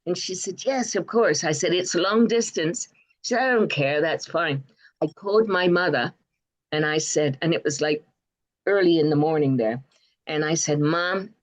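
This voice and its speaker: An older woman from Bristol with an English accent, telling rambling anecdotes in an interview, with frequent fillers and pauses. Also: deep voice. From Bristol, England. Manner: rambling, hesitant, warm anecdotes with many fillers. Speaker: guest. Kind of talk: interview storytelling.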